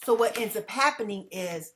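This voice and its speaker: A tired woman talking fast and emphatically to her viewers in a casual vlog monologue, often checking in with "okay?". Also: medium pitch, expressive, a bit bright, slight background noise. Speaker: vlogger.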